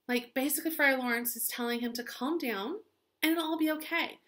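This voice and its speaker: A woman's voice: high voice, a little fast, fairly bright tone. A young woman teacher chatting through a story recap in a gossipy, sarcastic way, filling her talk with "like" and "um".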